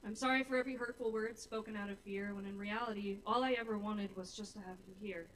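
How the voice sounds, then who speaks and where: At an open mic in a small bar, a young woman performs rhyming spoken-word poetry she wrote herself, sincere and visibly nervous. Her voice is medium in pitch, steady and fast. A stage mic is caught by a live room mic from somewhat far away, with faint noise.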